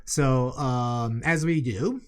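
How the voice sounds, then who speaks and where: A man's voice: medium pitch, slow pace, clear, resonant tone. A man co-hosting a podcast, giving offhand opinions in casual chat. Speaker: podcast co-host.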